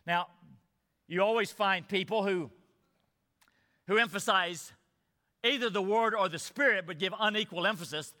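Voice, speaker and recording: Male pastor, sermon, emphatic repetition, bright tone, reverberant hall. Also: high voice. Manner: emphatic preaching with repeated parallel phrases.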